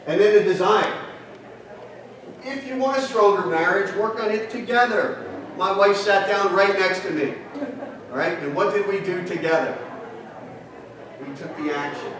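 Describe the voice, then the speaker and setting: In an echoey hotel hall, recorded from a distance with listeners present, a man delivers a marketing seminar and quizzes the crowd with rhetorical questions. His voice sits high, and he moves at a moderate pace with long pauses.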